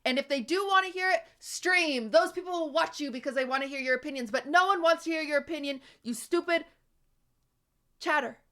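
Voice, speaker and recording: A woman's voice: high-pitched, brisk, fairly bright tone. A young woman streamer ranting at her live chat, exasperated and profane, hammering her points home.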